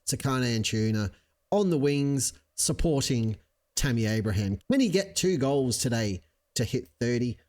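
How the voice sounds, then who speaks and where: A man casually commentating his own video game session, chatty and self-mocking, lively when cheering on his team. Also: mid-range voice, moderate pace. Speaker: video game let's-play host. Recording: clear background noise.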